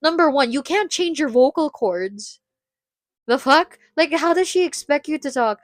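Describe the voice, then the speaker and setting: A young woman with a Filipino accent chatting with viewers on a live stream, animated and laughing often, slipping between English and Tagalog. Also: sits high, unhurried, no room sound, clean studio sound. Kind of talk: casual chat with viewers.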